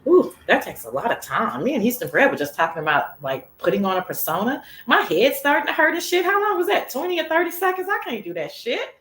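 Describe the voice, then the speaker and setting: A woman's voice: fairly high pitch, brisk, hardly any pauses, reverberant, a little hiss or hum. A woman hosting a casual livestream chat show, sassy and profane, talking straight to her viewers. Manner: sassy, profane, animated, chatty. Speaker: talk show host.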